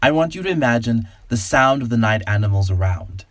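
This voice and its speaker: A man hosting a podcast and narrating a story in a calm, measured, soothing way. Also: medium pitch, no echo. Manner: calm, slow, soothing guided-imagery delivery.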